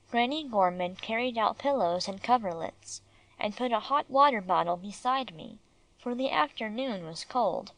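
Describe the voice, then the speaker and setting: A woman reading a children's classic as an audiobook narrator in measured storytelling. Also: on the high side, animated, fairly bright tone, dry recording, rough recording. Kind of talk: scripted narration.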